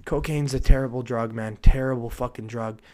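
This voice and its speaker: A man in his twenties giving casual solo commentary on news stories, profane and ranting, swinging between low muttering and sudden outbursts. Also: steady tone, normal speed, a little mellow. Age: 20s.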